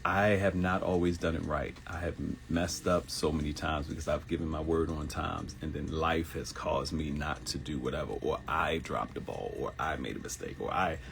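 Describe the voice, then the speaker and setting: A man in his fifties hosting a live morning show, giving a motivational monologue that repeats phrases and jumps into high mock voices for quotes. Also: fairly even intonation, moderate pace, gravelly, few pauses, a little hiss or hum. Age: 50s.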